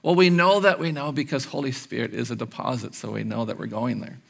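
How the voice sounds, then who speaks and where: A man in his forties preaching a sermon as pastor, chatty and animated, acting out little quotes along the way. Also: medium pitch, brisk, vocal fry.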